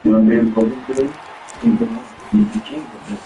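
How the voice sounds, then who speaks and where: A man's voice: high-pitched, sing-song, moderate pace, vocal fry, mellow, dull audio, slight background noise. A man working as a police detective in an interrogation room, talking in a coaxing way and explaining procedure. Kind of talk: recorded interrogation. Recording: echoey room audio.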